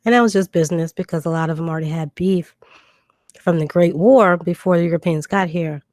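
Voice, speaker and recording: A woman's voice: fairly low pitch, a little fast, a little mellow, no room sound, studio quality. Chatty woman answering viewers on a livestream. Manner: reads out viewer questions and answers them, with many ums and restarts. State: has a cough drop in her mouth. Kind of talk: casual livestream chat. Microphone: new desk microphone.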